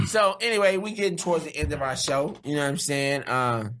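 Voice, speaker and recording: A man's voice: lively intonation, a little fast, fairly bright tone. A man hosting a casual barbershop podcast, laid-back and profane, wrapping up the show. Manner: laid-back, heavy profanity, drops lower as he goes.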